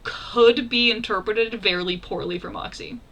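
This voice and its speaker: A young woman hosting a reaction video, talking casually and exclaiming excitedly as she comments. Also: medium pitch, a little slow, a little hiss or hum.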